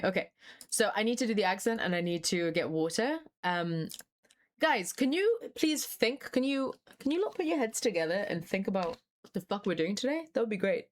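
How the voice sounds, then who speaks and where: A young woman on a live stream, talking casually to her viewers in a scattered, chatty way. She swears freely and laughs often. Her voice sits at an ordinary middle pitch.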